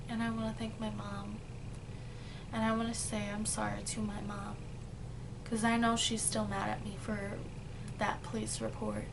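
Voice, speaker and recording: A young woman speaking earnestly in a personal confessional vlog, halting and restarting as she talks. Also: mid-range voice. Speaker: vlogger. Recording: noticeable background noise.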